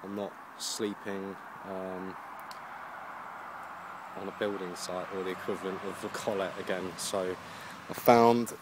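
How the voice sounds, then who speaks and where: A man's voice: sits low, little pitch movement, measured pace. A young man from Jersey, a touring cyclist, telling a rambling casual video-diary story outdoors, worn out after a long day's ride. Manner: rambling storytelling, lots of "and I was like". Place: outdoors at a roadside camp. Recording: noisy outdoor camera recording.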